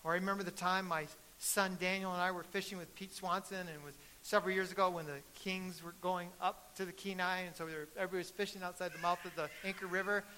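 A middle-aged man preaching a sermon as pastor, telling stories and building to loud, emphatic peaks. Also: sits high, fairly even intonation, quick pace, hardly any pauses, slight background noise, low-quality recording.

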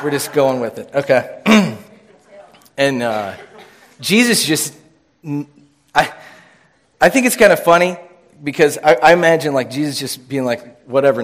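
A man's voice: medium pitch, moderate pace. Casual joking preacher man. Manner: casual and joking, with frequent restarts. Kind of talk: informal sermon.

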